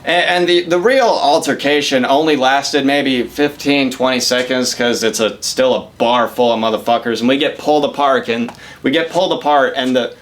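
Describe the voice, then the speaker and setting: A man's voice: medium pitch, normal speed. A young man telling a rambling, profane story in a casual comedic way.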